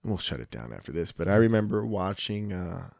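A man in his thirties, hosting a casual chat and telling lively sports stories, acting out the quotes. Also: low voice, brisk, vocal fry, no echo, studio quality. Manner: animated storyteller, acts out quotes.

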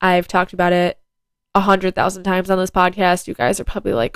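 A woman's voice: mid-range voice, level tone, moderate pace, clean tone, no room sound. A teenage girl hosting her own podcast, talking casually and rambling with lots of ums and likes. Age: teens. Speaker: podcast host. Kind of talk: casual solo podcast talk.

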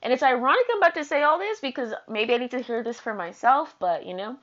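A young woman with a fairly high voice speaks in a loose, slangy monologue full of fillers and casual swearing. She sounds earnest and confiding. The recording is dull and lo-fi. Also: expressive, quick pace, a bit bright.

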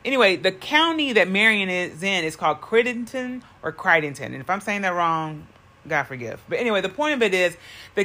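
A woman's voice: fairly low pitch, a bit bright. A woman co-hosting a podcast in a car, talking in a rambling way with many fillers and self-corrections. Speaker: podcast co-host. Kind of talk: casual podcast chat.

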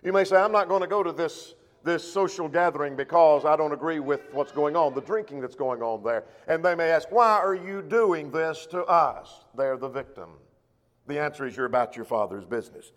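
Man preaching in an echoing hall. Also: on the high side. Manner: measured, slows to quote scripture. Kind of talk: sermon. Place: church auditorium. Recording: long echo of a church hall.

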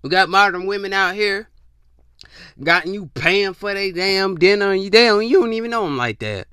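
A man hosting a podcast, ranting in a casual, profane, animated way and slipping into mock voices. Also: high voice, moderate pace, clean tone, dry recording, clean studio sound. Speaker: podcast host. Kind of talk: casual opinion rant.

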